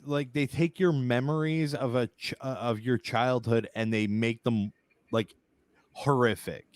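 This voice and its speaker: A man's voice: medium pitch, steady tone, unhurried, no echo. A man co-hosting a casual comedy podcast, joking crudely and sounding incredulous. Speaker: podcast co-host.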